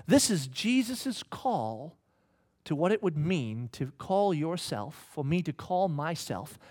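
A middle-aged man preaching a sermon, telling a story with swings from hushed lines to shouts. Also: high-pitched. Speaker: pastor. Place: church hall with congregation.

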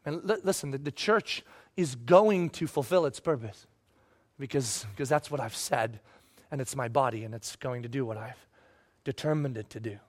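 A male preacher voicing a calm, resolute divine figure who speaks low and hushed. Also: moderate pace, close to an everyday voice.

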